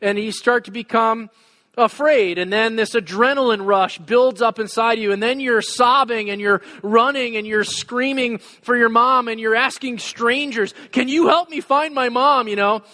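A pastor in his forties telling a personal story in a sermon, with many fillers and frequent throat clearing. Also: very high-pitched, moderate pace, sharp tone. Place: church hall. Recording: long hall reverb.

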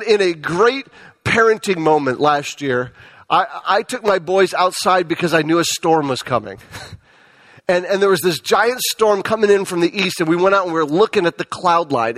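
A man's voice: high voice, a bit bright. A man, perhaps in his thirties, preaching a sermon as a pastor, often stumbling and repeating words as he goes.

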